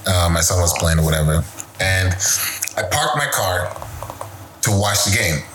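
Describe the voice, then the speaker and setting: Podcast guy telling a story, low voice, casual and sweary, roomy echo. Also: normal speed. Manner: storytelling, animated, swears freely. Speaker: podcast co-host. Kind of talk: casual chat. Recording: echoey room with faint noise.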